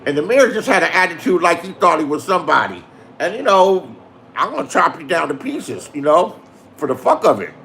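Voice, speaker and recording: A man's voice: on the high side, very animated, brisk, gravelly, fairly bright tone, slight background noise. A man telling a profane story in a boastful rant, swearing and insisting that what he says is the truth. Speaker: online show host.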